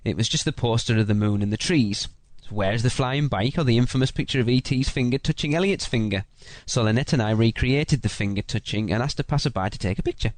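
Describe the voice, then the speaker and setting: Male co-host, medium pitch, casual and joking, reading listener mail; dry close mic. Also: a little fast, few pauses, no room sound. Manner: joking, teasing. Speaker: podcast co-host. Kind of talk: casual chat, reading a listener's trip report.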